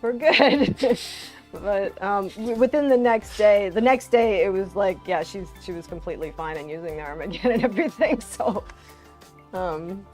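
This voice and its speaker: A woman's voice: medium pitch, normal speed, darkish tone, faint music behind. Chatty woman telling family stories. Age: adult parent. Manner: chatty storyteller, laughs often. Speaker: co-host of a live VR stream. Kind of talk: casual chat.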